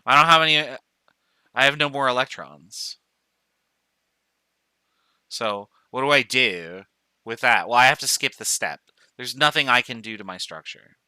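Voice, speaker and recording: A man gives a recorded chemistry lecture in a very bright, crisp and smooth voice. He talks through each step aloud, counting off items and correcting himself as he goes. The sound is dry and close. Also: mid-range voice, animated, normal speed, long pauses, no room sound. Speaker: chemistry professor.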